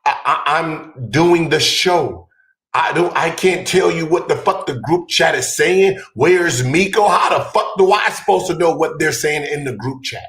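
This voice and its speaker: A man hosting a podcast, telling a profane story with loud, exasperated comic outbursts. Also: a little high, measured pace, echoey room. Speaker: podcast host.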